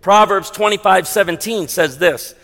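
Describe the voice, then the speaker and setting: A man preaching a sermon as a pastor, animated, moving between hushed emphasis and loud punchy lines. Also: sits high, moderate pace. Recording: long reverb of a large hall.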